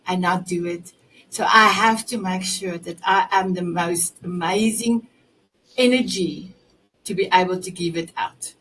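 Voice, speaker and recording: A woman hosts an online show over a video call and brings her guests on screen with slow, encouraging words. Her voice sits a little high and away from the mic, with faint noise behind it. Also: fairly bright tone, far from the mic, rough recording. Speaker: host. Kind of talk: online talk show hosting.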